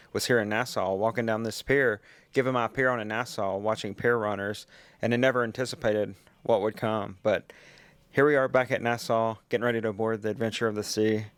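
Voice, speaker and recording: A man, vlogging his cruise. He talks casually and gushes with breathless excitement, and sometimes he runs out of breath while walking. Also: on the low side. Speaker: travel vlogger. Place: outdoors on a pier, then a cruise ship.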